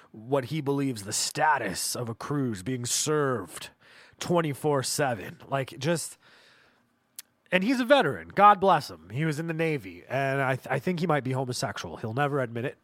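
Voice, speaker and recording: A man's voice: mid-range voice, no echo. A man hosting a comedy podcast, telling rambling, profane stories about his family. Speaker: podcast host. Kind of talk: comedic storytelling monologue.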